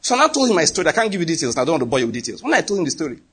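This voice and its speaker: A man with a Nigerian accent preaching a sermon, emphatic and animated, often acting out what people say. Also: on the high side, rapid-fire, husky. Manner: animated, emphatic, slips into acted quotes.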